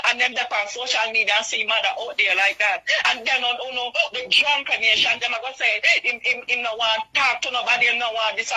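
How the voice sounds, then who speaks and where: A woman's voice: high voice, bright, forceful tone, breathy edge, poor audio. A woman with a Jamaican accent delivering an impassioned, repetitive rant in a video. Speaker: vlogger.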